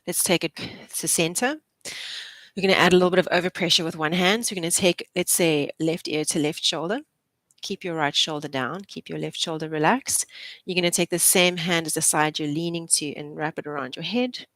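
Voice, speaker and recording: A young adult woman who works as a physiotherapist leads a live posture class, offering chatty, encouraging cues and laughing often. Her voice sits low with a steady tone, a slightly bright quality, and a fairly quick pace, with no echo.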